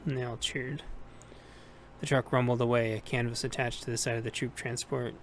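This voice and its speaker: Male audiobook narrator, even monotone reading, light hiss in the recording. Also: mid-range voice, fairly quick. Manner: steady, plain reading with small self-corrections. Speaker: audiobook reader.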